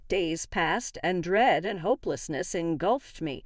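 A young woman tells a personal story in the first person with earnest, dramatic delivery. Her voice sits fairly low yet moves expressively through a wide range. It is recorded close and dry, with no room sound. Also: expressive, a little slow, hardly any pauses, no room sound. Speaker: story narrator.

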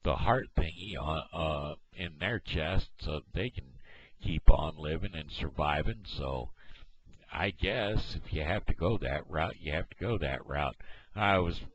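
A man from Missouri talking casually to camera on his video blog, halting often with fillers and restarts, recorded on a headset microphone at home. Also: a bass voice, slight background noise. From Missouri, USA. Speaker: video blogger. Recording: dull lo-fi headset mic.

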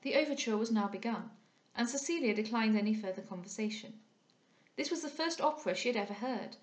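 A woman reading a classic novel aloud in a steady, careful narration. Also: medium pitch, roomy sound, rough recording. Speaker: audiobook reader.

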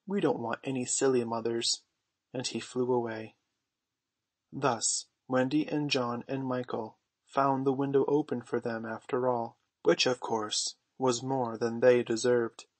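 A man narrating a storybook in a measured, gentle way. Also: medium pitch, no room sound. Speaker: audiobook narrator.

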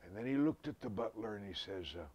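A man preaching a sermon, swinging from loud outbursts to hushed whispers. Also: fairly low pitch, expressive, quick pace, husky, lo-fi sound.

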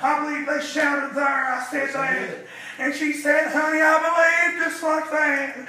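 A man preaching, chanting his sermon in bursts, with a sharp "uh" breath before each phrase. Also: very high voice, little pitch movement, measured pace. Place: church sanctuary. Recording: echoey church from far off.

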